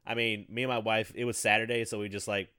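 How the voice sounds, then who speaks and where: A man in his thirties chatting casually, telling rambling profane stories with bursts of loud laughter. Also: fairly low pitch, flat delivery, fast talker, clear, resonant tone, no room sound, clean studio sound. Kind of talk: casual chat.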